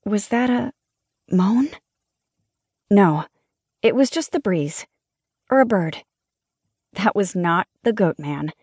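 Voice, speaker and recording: A woman reads a cozy mystery audiobook in first person, with a lively, wry storytelling manner. Her voice sits in a middle register, and the studio booth sound is dry and close. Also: mid-range voice, slow, long pauses, slightly rough, no room sound. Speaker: audiobook narrator.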